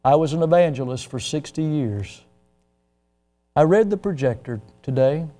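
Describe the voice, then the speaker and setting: A man preaching a sermon, quoting a frail old man in a quiet, earnest way. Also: on the high side, expressive, normal speed, soft background music, natural voice.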